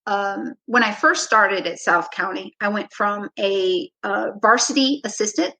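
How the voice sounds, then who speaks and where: A woman basketball coach, a podcast guest, telling a story in a relaxed, reflective way, often filling with "you know" and acting out her own past words. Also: medium pitch, measured pace, poor audio. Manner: frequent "you know" fillers. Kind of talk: storytelling in a conversational interview.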